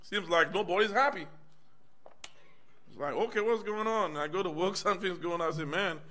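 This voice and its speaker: With a high voice, a sharp tone and a moderate pace, a middle-aged male minister in a US church gives a personal testimony sermon. He sounds conversational, repeatedly calling "amen" and "y'all" out to the congregation.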